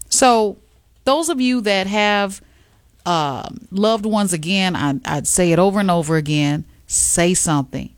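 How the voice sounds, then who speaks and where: A woman hosting an afternoon radio show, telling stories in an animated, emphatic way. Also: mid-range voice, no room sound. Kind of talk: casual radio chat.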